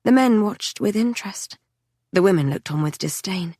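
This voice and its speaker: A woman narrating a first-person novel in a measured, quiet storytelling manner. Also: mid-range voice, animated, husky, dry recording, clean studio sound. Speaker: audiobook narrator.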